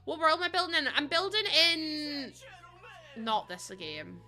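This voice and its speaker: A woman's voice: high voice, big pitch swings, measured pace. A young Northern Irish woman chatting casually on a livestream, unfiltered and prone to laughter and sudden squeals. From Northern Ireland. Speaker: streamer. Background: soft background music.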